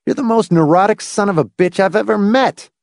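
A man's voice: sits high, a little fast, creaky, no echo, studio quality, pitched above the performer's own voice. A man voicing a blunt, sardonic grown man who lectures in a wry, cutting way.

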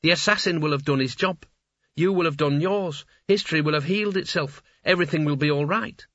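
A man's voice: fairly high pitch, brisk, fairly bright tone, no room sound, muffled recording, voice pushed up, natural voice. A man voicing a flustered, fussy male wizard who rambles anxiously. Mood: explaining.

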